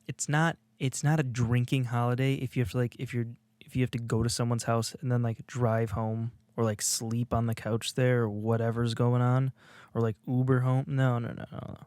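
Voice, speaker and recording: Recorded on a video podcast studio mic without any echo, this Illinois co-host speaks in a mid-range voice with a darkish tone. His delivery is flat and moderately paced as he rambles through a casual podcast, full of fillers and restarts.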